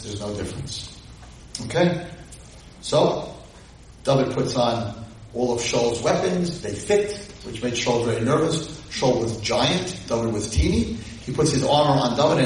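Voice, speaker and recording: A man giving a lively, dramatic Torah lecture, retelling and translating a story verse by verse, recorded from a distance in an echoey hall. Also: medium pitch, a little hiss or hum.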